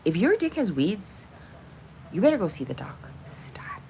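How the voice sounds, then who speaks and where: Profane, lively woman livestreamer. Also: medium pitch, a little slow, slight background noise. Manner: blunt and profane, laughs often; banters with chat viewers. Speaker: livestream host. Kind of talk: casual live-stream chat.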